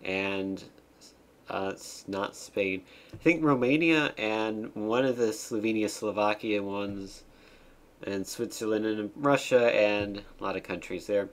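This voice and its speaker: Wry, low-voiced male game streamer. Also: slow. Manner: wry, deadpan asides while reading game text aloud. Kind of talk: casual game commentary.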